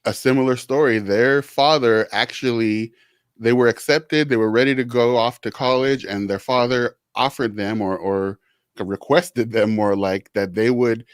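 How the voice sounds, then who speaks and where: A man's voice: medium pitch, fairly even intonation, clean tone, no room sound, clean studio sound. A middle-aged man hosting a podcast interview, talking in a reflective, supportive way. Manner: reflective, supportive, quick laughs. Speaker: podcast host.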